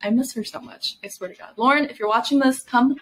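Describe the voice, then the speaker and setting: A woman's voice: fairly high pitch, quick pace, a bit bright, poor audio. A woman in her twenties co-hosting a podcast, telling stories in casual chat, laughing and swearing as she goes. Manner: chatty storyteller, laughing and swearing. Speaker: podcast co-host.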